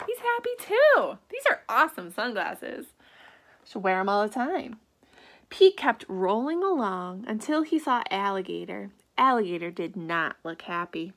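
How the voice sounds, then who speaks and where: A woman reads a children's picture book aloud in a medium-pitched, sing-song voice at a slightly slow pace. She gasps, slips into soft whispered asides and asks her young listeners questions.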